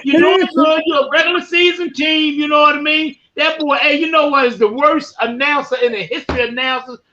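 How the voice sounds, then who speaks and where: A man hosting a live sports-talk podcast, loud and boisterous, trash-talking teams. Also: extremely high pitch, steady tone, a little fast, lo-fi sound, slight background noise. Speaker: podcast host.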